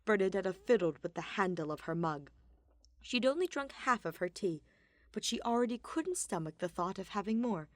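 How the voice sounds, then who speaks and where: Woman podfic reader, lively intonation, mid pitch, dry close recording. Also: normal speed, no echo. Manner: expressive storytelling. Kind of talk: scripted narration.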